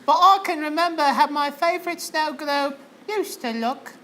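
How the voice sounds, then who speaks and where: A woman's voice: sits high, moderate pace, sharp tone, a little hiss or hum. A woman playing a sickly little boy with an old-timey New York accent, talking in quaint, earnest, old-fashioned phrases in a live improv comedy show. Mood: dreamy. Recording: live stage with music.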